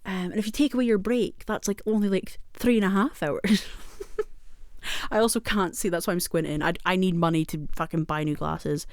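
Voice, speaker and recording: A woman's voice: on the low side, steady tone, moderate pace, no room sound. A young woman in her twenties with a British accent, rambling and joking about herself in a casual home vlog, swearing freely. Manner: rambling and self-deprecating, swears often, laughs a lot. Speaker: vlogger. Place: at home in a small room.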